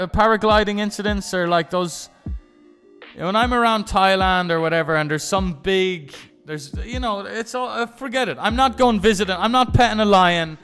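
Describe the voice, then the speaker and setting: A young man live-streaming who rambles through stories and keeps restarting and swearing along the way. His voice sits high for a man. Faint music plays under him. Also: fairly bright tone, clean tone. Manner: rambling, profane storytelling with many restarts. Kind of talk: casual chat.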